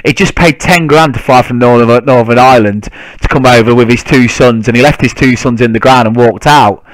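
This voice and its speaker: A man's voice: medium pitch, brisk, no room sound, poor audio. A man ranting indignantly to camera about football rivals, swearing freely. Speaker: football fan vlogger. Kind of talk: casual ranting monologue.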